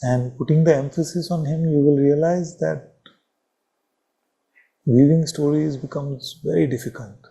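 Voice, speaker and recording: A man, a spiritual teacher, giving a slow and reflective satsang talk with long pauses and repeated phrases. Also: fairly high pitch, steady tone, gravelly, dark tone, rough recording.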